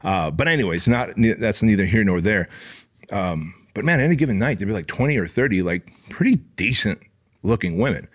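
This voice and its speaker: A man's voice: fairly low pitch, expressive, fairly quick. A man telling a personal story in a casual, rambling way, full of profanity and fillers.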